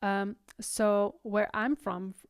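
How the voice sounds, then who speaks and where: A woman's voice: mid-range voice, fairly even intonation, extremely slow, clear, resonant tone, no echo, studio quality. A young woman with a Dutch Limburg accent, explaining vocal technique in a singing tutorial and often checking in with "right?". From the Netherlands. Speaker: singing teacher. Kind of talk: vocal tutorial with sung demonstrations.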